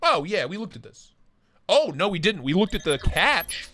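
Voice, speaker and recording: Still out of breath from a heavy meal, this livestream host sits in his home office reading comments aloud, greeting viewers by name and joking crudely. He has a high, fairly bright, expressive voice and speaks at a measured pace.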